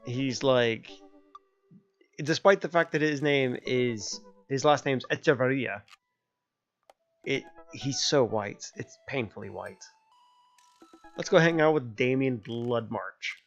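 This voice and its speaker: This young streamer talks slowly at medium pitch, leaving long pauses as he voices a dating game. He mixes jokey narration with character impressions. Faint music plays under slightly muffled lo-fi audio.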